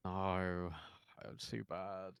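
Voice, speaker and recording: A man co-casting an esports match, cracking jokes and reacting fast to the action. His voice sits on the low side, heard close and dry through a headset. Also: completely flat delivery, vocal fry, smooth, no echo. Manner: joking, quick reactions to play. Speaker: esports caster. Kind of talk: casual co-caster chat.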